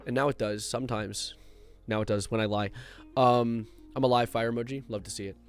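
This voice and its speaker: A man's voice: medium pitch, fairly even intonation, a little fast, clean tone, faint music behind. A man in his twenties chatting casually on a live stream, rambling and jumping between reading chat and his topic.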